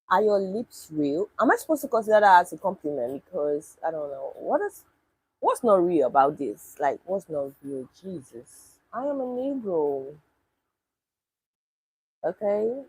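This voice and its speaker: A woman talks casually on a livestream, answering viewers' questions with wry disbelief. Her voice is husky and she speaks at an unhurried, slow pace. The sound is dry and close, with no room echo. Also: on the low side, darkish tone. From Nigeria. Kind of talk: casual livestream chat reading comments.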